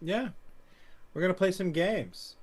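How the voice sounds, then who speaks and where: Easygoing co-host full of "like". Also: male voice, sits high, measured pace. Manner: lots of "like" and "you know", easygoing. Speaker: podcast co-host. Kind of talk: casual podcast chat.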